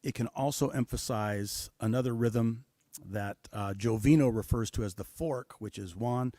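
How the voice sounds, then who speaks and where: A man with a mellow, dark voice, recorded dry and close. He explains drum rhythms in an interview and counts and sings the beats aloud as he goes. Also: mid-range voice, normal speed, dry recording. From Seattle-based. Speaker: guest musician, drummer.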